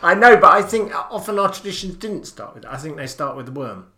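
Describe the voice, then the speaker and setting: A man's voice: on the high side, big pitch swings, fast talker, bright, forceful tone. A man hosting a podcast interview, chatty and affirming, laughing easily as he asks questions. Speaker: podcast host.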